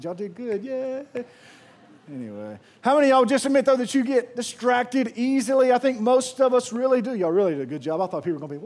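Preacher guy, high voice, animated storytelling, stumbles and restarts a lot. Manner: lively storytelling with repeated restarts. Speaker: pastor. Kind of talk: sermon.

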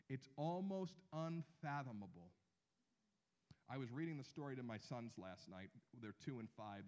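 A man in his thirties preaching a sermon, animated, with slow emphatic phrases and drops to near a hush. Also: fairly high pitch. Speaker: pastor.

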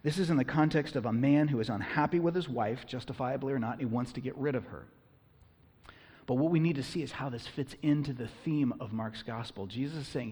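A man preaching a sermon as pastor, talking conversationally and punching words with bursts of loud emphasis. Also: mid-range voice, fairly quick, slightly rough, long reverb tail.

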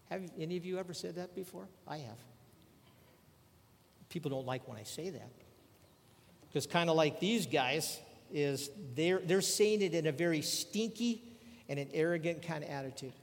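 Older preacher in a reverberant hall. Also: male voice, on the high side, normal speed. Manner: conversational preaching with rhetorical questions. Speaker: pastor. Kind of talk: sermon.

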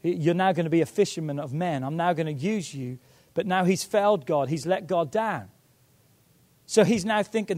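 A pastor preaching a sermon, retelling a story with dramatic swings between loud calls and hushed lines. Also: male voice, a little high, normal speed.

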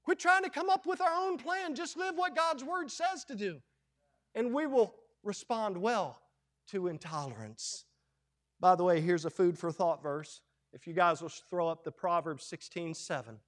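High-voiced impassioned male pastor. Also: moderate pace. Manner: impassioned preaching, swings from hushed to loud. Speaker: Baptist pastor. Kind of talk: sermon.

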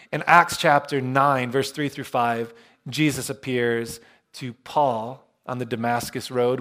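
A male pastor preaching a sermon, retelling scripture in a relaxed, storytelling way with self-deprecating humor. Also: medium pitch.

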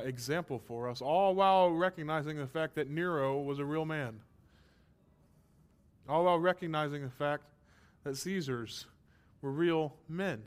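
A man preaching a sermon as pastor, emphatic and impassioned, asking rhetorical questions, his throat a little strained. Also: fairly high pitch.

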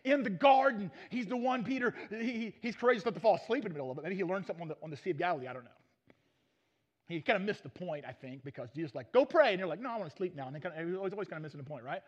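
A male preacher, retelling Bible stories in a lively sermon and acting out the characters in folksy voices. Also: sits high, racing. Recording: dull muffled recording.

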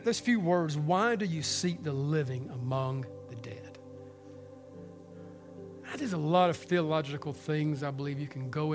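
A pastor preaching to a congregation, his fairly high male voice dropping to a near hush and then climbing loud and emphatic. Faint music plays softly behind him. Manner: impassioned, swings between hushed and loud. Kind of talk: Easter sermon. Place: church hall with congregation.

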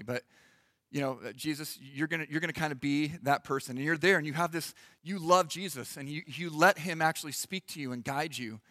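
A high, bright-voiced man preaches a sermon, animated and acting out quick little voices for the congregation. His voice is close and dry on the mic, with a long reverb trailing through the church hall. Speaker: pastor.

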